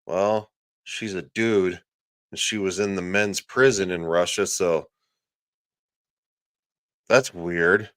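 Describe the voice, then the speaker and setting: A livestream host with a lowish, slightly bright voice rants sarcastically and crudely, stopping to read viewers' chat comments aloud. He speaks slowly with long pauses, recorded dry and close with no room sound.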